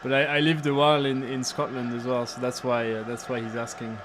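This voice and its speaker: A man with a French accent, a guest on a football watchalong stream, chatting in a relaxed, easygoing way and reacting to the match. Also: medium pitch, a little fast, background noise. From France. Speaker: guest co-watcher, Arsenal fan. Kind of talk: casual live watchalong chat.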